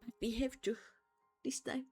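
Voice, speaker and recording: A woman's voice: high voice, fairly even intonation, moderate pace, a little mellow, husky, faint music behind. A tired, yawning woman streaming a game from home, chatting in a rambling way with fillers. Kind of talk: casual game-stream commentary.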